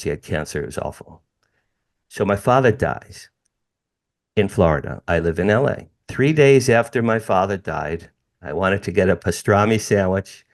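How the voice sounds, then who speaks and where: A middle-aged man from the United States, a podcast guest telling a personal story with emphatic repetition and direct asides to the hosts. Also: sits low. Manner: emphatic, repeats phrases, addresses listeners as "you guys".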